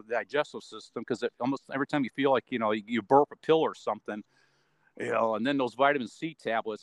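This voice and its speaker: A man's mid-range, slightly bright voice comes through a dry recording without any room sound. He is an interview guest rambling through a casual account, his talk wandering and full of fillers.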